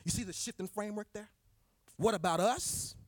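A man's voice: high-pitched, moderate pace, dry recording, clean studio sound. A man preaching a sermon, driving points home with repeated rhetorical questions.

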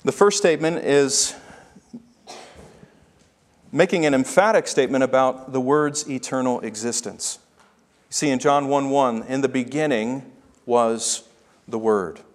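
A man preaching a sermon as pastor, emphatic and slowing down to stress key phrases. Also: mid-range voice, in a large hall.

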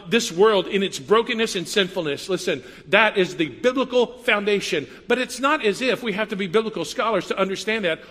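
A man preaches in an easy, conversational way, slipping into playful asides and quoted voices. His voice sits high and bright, and it carries the long reverb of a large hall. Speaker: pastor. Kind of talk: sermon.

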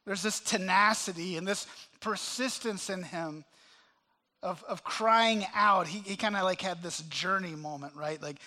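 A man preaching a sermon to a congregation, impassioned, swinging between loud cries and hushed asides. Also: sits high, normal speed. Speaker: pastor. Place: church sanctuary.

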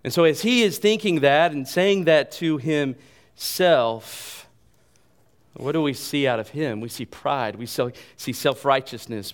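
A man preaching a sermon, animated and joking at himself, dropping to a soft voice when he quotes. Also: on the high side. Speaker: pastor.

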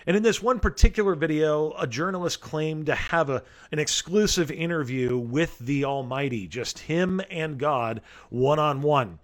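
A man preaching a sermon in an earnest way, slowing down to stress the scripture he reads aloud. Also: a little high. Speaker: pastor.

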